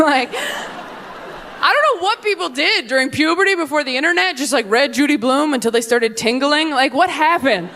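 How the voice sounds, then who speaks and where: A woman's voice: high voice, lively intonation, a little fast, fairly bright tone, slight background noise. A young woman doing a stand-up comedy set on stage. She delivers punchy, playful lines and slips into mocking voices for the people in her stories. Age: young adult. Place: comedy stage before a live audience.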